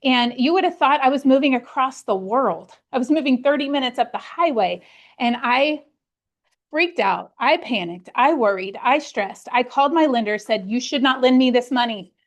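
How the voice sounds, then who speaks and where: Woman, middle-aged, high voice, team leader giving an earnest motivational talk with personal anecdotes. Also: animated, moderate pace. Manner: earnest, storytelling, acts out her own past worries. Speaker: real estate team leader.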